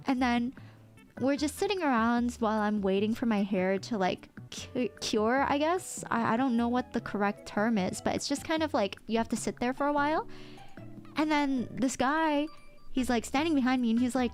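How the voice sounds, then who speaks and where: A woman's voice: fairly high pitch, normal speed, soft background music. A woman streamer chatting casually, telling a story with lots of fillers and stammers.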